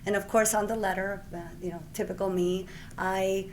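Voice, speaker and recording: A Puerto Rican physician in her forties accepts an award and tells a personal story in her speech, her mid-range voice moving at a moderate pace. She's a lively storyteller who acts out the exchanges she recounts. There's slight background noise.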